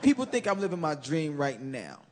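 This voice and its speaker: A man in his thirties performing an animated stand-up comedy set on a club stage, shouting punchlines into a handheld mic. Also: fairly high pitch, moderate pace. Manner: animated, loud punchlines, bursts into shouted impressions. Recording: live club recording with crowd laughter and noise.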